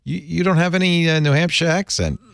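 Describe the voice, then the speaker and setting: A man's voice: fairly quick, gravelly, no room sound, clean studio sound. A man hosting a casual tech panel chat, chatty and joking, who grew up in Rhode Island. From Rhode Island, USA. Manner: chatty, jokey, lively pitch swings. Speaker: host.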